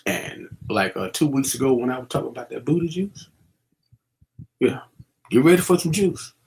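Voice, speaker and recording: A man's voice: mid-range voice, sing-song, moderate pace, a little mellow. A middle-aged man giving casual, preachy commentary, using street slang and many fillers as he warns young people. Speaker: vlogger.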